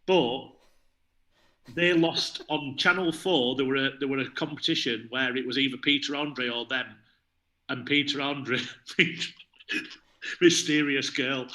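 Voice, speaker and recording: Guest, man, very bright and sharp tone, chatty storyteller, roomy echo. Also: medium pitch. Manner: chatty anecdotes, repeats words, chuckles. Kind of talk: casual chat on a video call.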